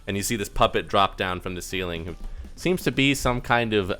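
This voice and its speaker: A man's voice: lowish voice, fairly quick, bright, forceful tone, faint music behind. A man narrating a tabletop game as game master, describing scenes loosely with many fillers. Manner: rambling, filler-heavy description.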